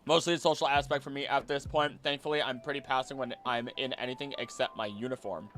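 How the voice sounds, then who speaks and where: A young man chatting casually on a stream, rambling and excitable, jumping between topics and often restarting his sentences. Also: medium pitch, fast talker, hardly any pauses, soft background music. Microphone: desk mic.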